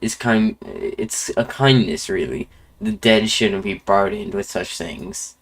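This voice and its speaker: A man's voice: fairly low pitch, fairly bright tone, slight background noise. A man reading out a game's wandering bug explorer in a put-on Irish accent, stumbling over words now and then. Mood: wry. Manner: reading aloud with halting slips. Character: curious wandering male bug explorer, genteel. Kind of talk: reading game dialogue aloud.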